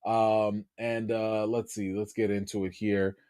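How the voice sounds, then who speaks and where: A man's voice: fairly low pitch, a little slow, clear, resonant tone, no room sound, studio quality. A man hosting a casual movie news livestream, talking in a slangy, chatty way. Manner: animated, talks back to the listener, slangy.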